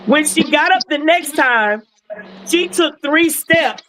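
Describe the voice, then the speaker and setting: A woman's voice: high-pitched, slow, a little hiss or hum, rough recording. Emotional woman telling a story. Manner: animated, emotional retelling with acted quotes. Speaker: wellness patch seller sharing a client story. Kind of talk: casual storytelling on a livestream.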